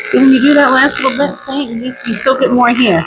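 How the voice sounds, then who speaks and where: A woman dog groomer chatting casually while she works, telling stories with sudden high exclamations. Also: steady tone, brisk, heavy background noise. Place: grooming salon.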